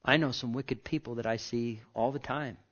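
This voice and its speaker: A man preaching a sermon as pastor, impassioned, moving from loud outbursts to hushed whispers. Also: mid-range voice, steady tone, moderate pace, dull audio.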